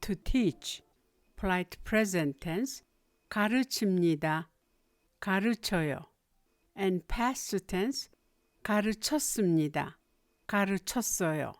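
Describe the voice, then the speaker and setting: An older woman whose first language is Korean, giving a slow, deliberate beginner language lesson. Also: mid-range voice, expressive, darkish tone, dry recording, clean studio sound. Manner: clear, deliberate, pausing between drilled words.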